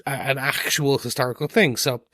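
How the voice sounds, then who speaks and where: A man's voice: mid-range voice, fairly even intonation, a little fast, bright, forceful tone, dry recording. A man co-hosting a casual podcast, jokey and self-deprecating. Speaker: podcast co-host.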